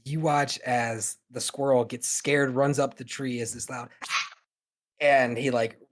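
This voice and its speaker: A man's voice: medium pitch, fairly even intonation, measured pace. A man narrating as game master of a tabletop game. He talks in a casual, loose way with plenty of fillers.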